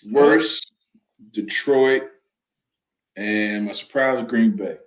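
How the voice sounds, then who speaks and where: A man with a fairly low voice offers short, dry football picks on a casual talk panel. His voice carries a roomy echo. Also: extremely slow. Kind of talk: casual sports chat.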